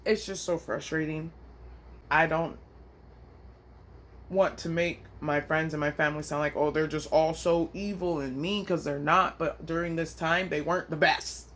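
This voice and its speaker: A woman's voice: low-pitched, unhurried, fairly bright tone. A woman vlogger venting into her phone, frustrated and blunt, with slangy, profane talk. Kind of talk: emotional personal vent.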